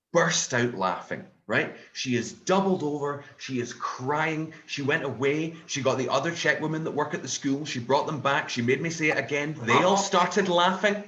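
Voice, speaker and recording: A Scottish comedian delivers a stand-up set, telling his story in an animated, sweary way. His voice swoops widely up and down. It rings out in a roomy, echoey space. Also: medium pitch, lo-fi sound. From Scotland.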